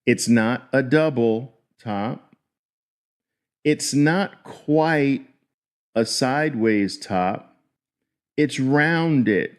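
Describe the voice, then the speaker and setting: Slow, deliberate male trading teacher. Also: medium pitch. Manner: deliberate, drawn-out teaching with repeated words. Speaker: trading instructor. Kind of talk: livestream chart lesson.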